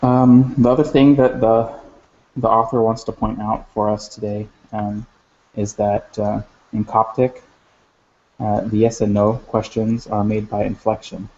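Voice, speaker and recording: A man with a low, gravelly voice explains grammar in a recorded lesson. He talks in a flat, halting way, full of fillers and restarts, and the sound is dull and lo-fi. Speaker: language teacher.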